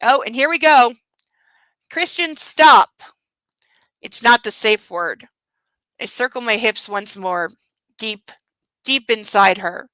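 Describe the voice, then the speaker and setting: A woman's voice: medium pitch, sharp tone, smooth, no room sound, poor audio. Sarcastic woman reading a novel aloud. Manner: sarcastic, indignant, blunt with swearing. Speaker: book club reader and commentator.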